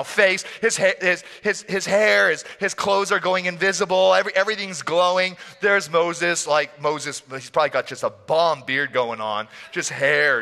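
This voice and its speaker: Playful, animated pastor mid-sermon, a man with a slightly high, bright voice. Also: moderate pace. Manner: animated, playful, laughing storyteller. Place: church hall. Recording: long church hall reverb.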